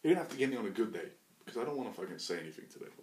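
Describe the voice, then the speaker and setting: A man rambling through a crude, joking solo monologue as a podcast host, swinging into loud bursts of mock bravado. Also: lowish voice, sing-song, racing, a little hiss or hum.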